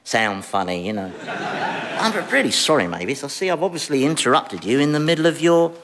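A man's voice: medium pitch, sing-song, fairly quick, a bit bright. An actor playing a cocky male schemer bluffing in disguise, joking and slipping into a few northern words. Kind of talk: sitcom acting.

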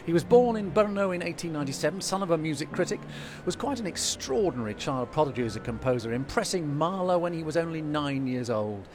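A man's voice: a little high, expressive, a little fast, music in the background. A man presenting a live classical concert broadcast from a concert hall, polished and informative.

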